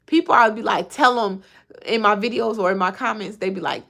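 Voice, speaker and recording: A woman in her thirties with a medium-pitched, slightly bright voice hosts a casual livestream, talking fairly quickly, reacting to viewer comments and laughing often.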